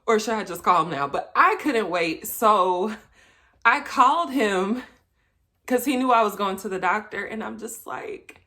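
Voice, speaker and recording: Young woman vlogger, casual storyteller, chatty, laughs often, mid pitch. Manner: chatty, animated when quoting, laughs often.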